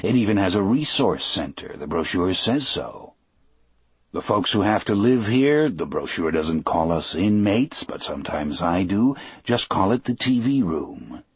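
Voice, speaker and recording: A man's voice: low voice, sing-song, measured pace, slightly rough, no room sound. A man reading a novel aloud as a first-person audiobook narration, telling it dramatically.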